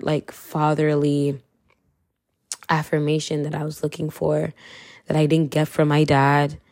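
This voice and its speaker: Deep and darkish, this woman's voice comes through clean studio sound with no room echo. She's a young podcast host from Kenya, lightly accented, sharing a casual faith testimony in a candid, slangy, chatty way with frequent laughter.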